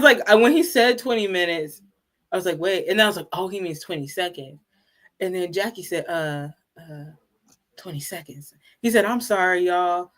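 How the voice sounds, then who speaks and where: Woman co-host with a lowish voice. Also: a bit bright. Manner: retells scenes by quoting people, with laughter. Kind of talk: casual chat.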